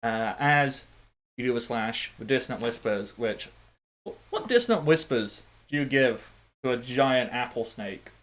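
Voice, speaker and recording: A man narrating as game master in a tabletop game, animated and playful, with sound effects. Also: medium pitch, measured pace.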